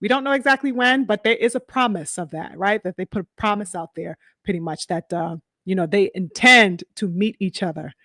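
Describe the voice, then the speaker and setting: A woman hosting a casual boxing chat, slangy and animated, acting out what fighters said and laughing often. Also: mid-range voice, brisk, hardly any pauses, no echo. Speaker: boxing commentator host.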